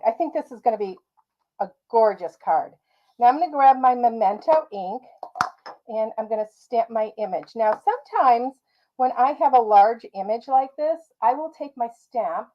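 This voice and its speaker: A woman's voice: fairly high pitch, dull audio. A woman giving a casual card-making tutorial, chatting and thinking aloud as she works and changing her mind partway through.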